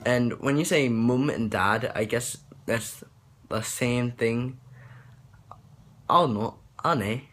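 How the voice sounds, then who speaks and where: A man's voice: medium pitch, slow, pauses often, a bit bright. A young man talking casually about accents, rambling and hesitant with many fillers and restarts. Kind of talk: casual accent tutorial vlog.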